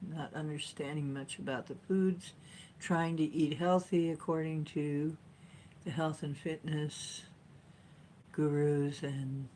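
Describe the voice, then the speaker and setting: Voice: medium pitch, a little mellow, slight background noise, rough recording. A channel host talking casually to viewers, rambling through personal stories and reading an article aloud with sarcastic asides.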